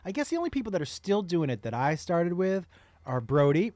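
A man with a slightly raised pitch chats as a comedian guest, rambling and restarting his thoughts. His voice is recorded dry and close, with no room echo. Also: sing-song, brisk, a little mellow. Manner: rambling, self-interrupting. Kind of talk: casual conversation.

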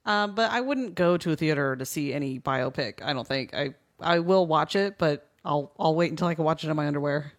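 A woman, the show's executive producer, speaking softly and hesitantly with dry humor. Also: low-pitched, fairly quick, few pauses. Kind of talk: casual talk radio banter.

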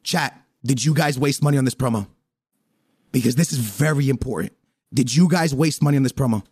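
A man hosting a casual livestreamed podcast, excitable and pushy, often calling people "bro". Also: mid-range voice, fairly quick, slightly rough. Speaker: podcast host.

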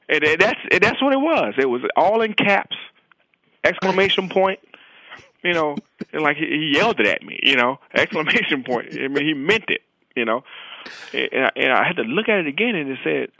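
Brief: young male guest, higher voice, rambling storyteller, dry close sound. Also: sharp tone, dry recording, low-quality recording. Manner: rambling, peppered with "you know". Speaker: guest, pro football player. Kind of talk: casual anecdote storytelling.

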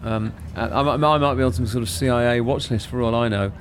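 A man's voice: medium pitch, quick pace, a little hiss or hum. A man telling an anecdote as a chat show guest, hesitant with ums and repeated words.

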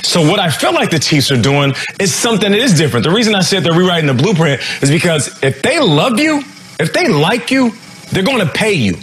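A man's voice: sits high, sing-song, a bit bright, slight background noise. Emphatic TV football analyst, man. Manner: emphatic, persuasive, quick bursts. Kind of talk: animated sports TV commentary.

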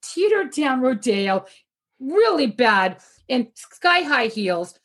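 A woman telling a story in a casual video-call chat, animated and laughing often as she talks. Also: high voice, slow pace.

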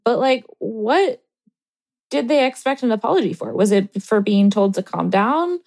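A woman co-hosting an advice chat, thoughtful and measured. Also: fairly high pitch, lively intonation, darkish tone. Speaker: co-host reading listener letters.

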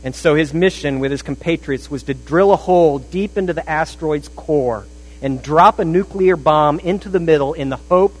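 A pastor preaching a sermon, shifting between rising emphasis and a hushed, intense delivery. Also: male voice, on the high side, normal speed, rough recording. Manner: dramatic, drops to a hushed intensity.

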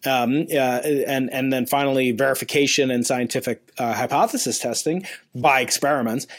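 A man's voice: mid-range voice, normal speed. Rambling man in his fifties hosting. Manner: rambling, many stammered restarts. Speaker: podcast host, physicist. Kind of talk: casual interview chat.

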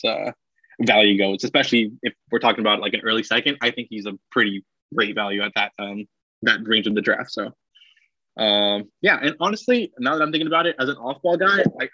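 A man's voice: fairly low pitch, no room sound. A male podcast guest breaking down draft prospects in a loose, casual chat, with plenty of fillers. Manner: loose and relaxed, with many fillers. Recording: dull, dry sound.

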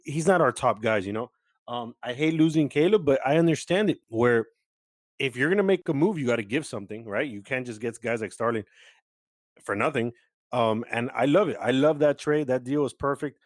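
A man's voice: medium pitch, darkish tone, no echo. Dude hosting a sports pod from his house, chatty and upbeat, dry close sound. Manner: upbeat, chatty, many fillers. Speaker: podcast host. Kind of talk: casual sports chat. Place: at home.

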